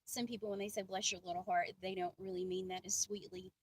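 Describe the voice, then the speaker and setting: A woman's voice: mid-range voice, little pitch movement, fast. Chatty woman, distant mic. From American South. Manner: chatty, self-deprecating, many fillers and asides. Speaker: faith vlogger. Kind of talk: casual devotional talk. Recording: distant mic with faint ambient noise.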